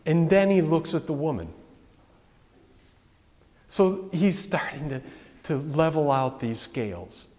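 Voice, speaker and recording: A man's voice: a little high, lively intonation, takes it slowly, pauses often, darkish tone. A man preaching a sermon in a conversational way, full of restarts, asides and questions to the congregation. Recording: long reverb of a large hall.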